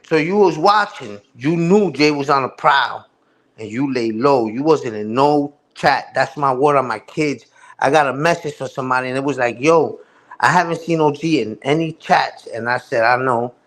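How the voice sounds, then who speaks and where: A man's voice: medium pitch, moderate pace, fairly bright tone. A man hosting a live stream, ranting heatedly with profane street slang. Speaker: livestream host. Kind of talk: casual livestream rant.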